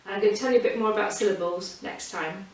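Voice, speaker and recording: Her voice is medium in pitch and fast as this woman coaches children on reading, patiently and encouragingly, even singing a silly song. She is at home during lockdown. The recording has room echo, a faraway mic and faint hiss.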